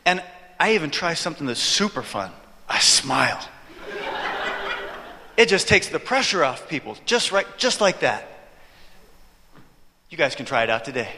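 High bright-voiced joking preacher. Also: male voice, slight background noise. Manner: animated, joking with the audience. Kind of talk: storytelling sermon. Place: church hall, before an audience. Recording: reverberant hall.

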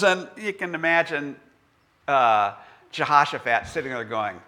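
Male preacher, conversational and animated, bright forward voice. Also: on the high side, moderate pace. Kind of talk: sermon with scripture reading.

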